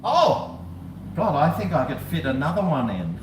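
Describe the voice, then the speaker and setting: Man, Australian accent, livestream host, chatty and rambling, echoey room. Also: normal speed. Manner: rambling, chatty, jokey asides, talks to his dog in a high excited voice. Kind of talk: casual livestream chat. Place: house, indoors and on a balcony. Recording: echoey room with faint background noise.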